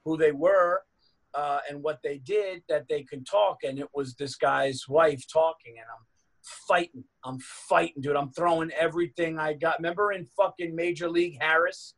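Middle-aged male comic, fairly high voice, animated storyteller, swears a lot. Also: rough recording. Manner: animated, swearing, quick asides. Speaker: stand-up comedian. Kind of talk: casual storytelling chat.

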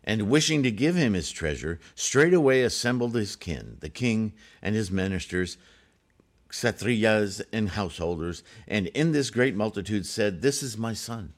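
A man's voice: on the low side, animated, measured pace. A man reading a Buddhist scripture aloud and breaking off into casual spoken commentary with frequent "right?" asides.

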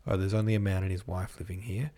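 A man's voice: sits low, steady tone, fast, mellow, natural voice. A man voicing a kindly young man who speaks in light, mock-formal banter. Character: wry, kindly young man, gently ironic.

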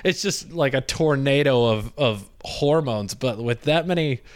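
A man's voice: mid-range voice, unhurried. Joking man hosting a podcast. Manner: relaxed, joking, teasing interviewer. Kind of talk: casual podcast chat.

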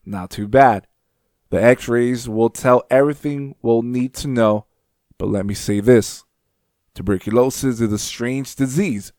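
A man reading aloud as a nervous, formal older doctor, in a measured voice. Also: medium pitch, a little mellow, no echo, clean studio sound, close to an everyday voice. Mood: formal, reassuring.

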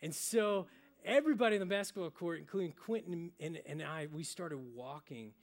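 A young adult male pastor preaching a sermon, telling stories and dropping to a soft, hushed voice for emphasis. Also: a little high, moderate pace. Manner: storytelling, with sudden drops to soft, hushed emphasis.

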